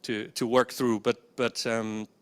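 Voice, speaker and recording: A man's voice: medium pitch, little pitch movement, slow, clear, resonant tone. A man presenting a conference workshop session into a microphone indoors. He speaks hesitantly, with many fillers, and often checks in with the audience. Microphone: handheld or stand microphone.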